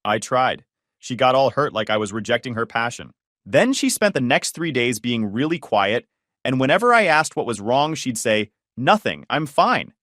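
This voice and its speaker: Man reading as weary teen daughter, frustrated, lively pitch, dry close sound, storybook read. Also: moderate pace, no echo. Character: tired nineteen-year-old daughter, frustrated.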